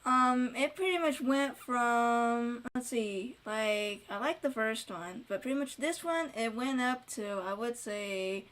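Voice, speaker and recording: Giggly woman, slightly high voice. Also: slow, hardly any pauses, a bit bright. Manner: giggly, hesitant. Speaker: guest, host's sister. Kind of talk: casual chat.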